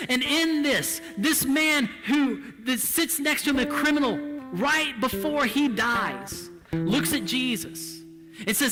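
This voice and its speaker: Impassioned preacher in a reverberant hall. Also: male voice, extremely high pitch, lively intonation, takes it slowly, music in the background. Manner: impassioned, swings between hushed and loud. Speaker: pastor. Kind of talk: sermon.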